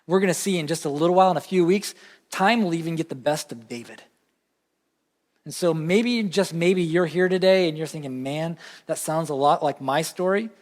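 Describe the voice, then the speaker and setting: A male pastor with a Southern American lilt delivers a sermon in a conversational, earnest way, driving points home through repetition. His voice sits a bit higher than most men's. A long reverb trails off his words around the church. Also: moderate pace. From Southern United States. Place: church sanctuary.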